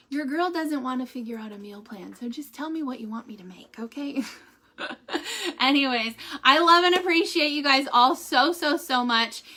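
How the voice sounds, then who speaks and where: Bright, chatty young woman. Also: sits high. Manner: chatty, many fillers and restarts. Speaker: vlogger giving a family update. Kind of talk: casual chat to viewers, reading a devotional aloud.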